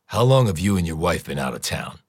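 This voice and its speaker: A man voicing a steady, matter-of-fact FBI investigator in an audiobook, measured and flat. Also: low-pitched, husky, no echo, clean studio sound, full character voice. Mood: grave. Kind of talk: audiobook character voice.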